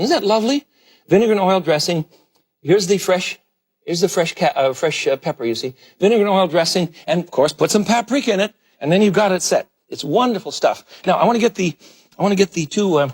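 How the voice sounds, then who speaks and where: A man's voice: on the high side, husky. A middle-aged man hosting a televised cooking show from a galley-style kitchen, gushing over each dish as he demonstrates it. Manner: effusive, exclaims over the food.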